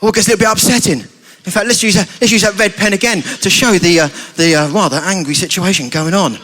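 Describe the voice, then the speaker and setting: At a family church service, a British man tells a playful story and keeps asking the children questions. His voice sits high, with a brisk pace and a sharp tone.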